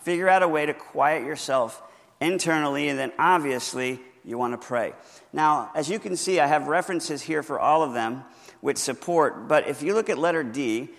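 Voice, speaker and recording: Man, pastor teaching, slightly high voice, earnest, encouraging, long hall echo. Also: vocal fry. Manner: earnest, encouraging, often slows to stress words. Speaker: pastor teaching Bible reading. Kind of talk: teaching talk from a handout.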